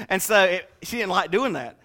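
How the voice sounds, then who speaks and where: A man's voice: high voice, moderate pace, sharp tone. A middle-aged man preaching a sermon in a folksy, joking way, speaking straight to the congregation. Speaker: pastor.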